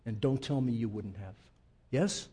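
A man preaching a sermon, swinging from loud emphatic peaks to quiet, low asides and putting direct questions to the congregation. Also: a little slow, husky. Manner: emphatic, rising to loud peaks then dropping low and intimate. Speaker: pastor.

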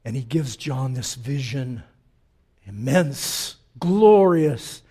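A man preaching a sermon as pastor, impassioned, rising to urgent peaks and dropping to hushed passages. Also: mid-range voice, animated, slow pace, husky.

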